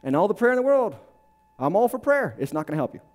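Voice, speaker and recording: A man preaching a sermon with drama, acting out quick voices and swinging between shouting and hushed lines. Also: high voice, big pitch swings. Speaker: pastor.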